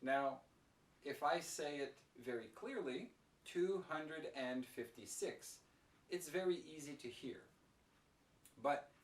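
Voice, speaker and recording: A man teaching an English pronunciation lesson, speaking slowly and clearly with careful pronunciation. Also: mid-range voice, reverberant, far from the mic.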